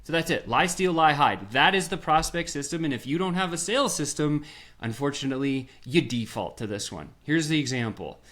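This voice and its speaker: A man who is a sales strategist, guesting on a podcast and talking in an energetic, punchy way full of rhetorical questions. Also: on the high side, fairly quick. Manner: animated, acts out little scenes in voices. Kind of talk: energetic storytelling.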